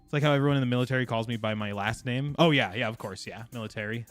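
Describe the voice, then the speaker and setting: A man's voice: medium pitch, racing, soft background music. Rambling, chatty male game streamer. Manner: rambling, chatty, laughs often; talks to chat while playing. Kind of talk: casual live gameplay chat.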